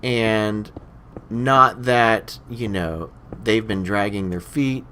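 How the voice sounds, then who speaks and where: A man's voice: lowish voice, slow, sharp tone, a little hiss or hum. A young man hosting a game let's play, chatting casually while he plays and rambling with lots of "you know" fillers. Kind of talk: casual commentary while playing.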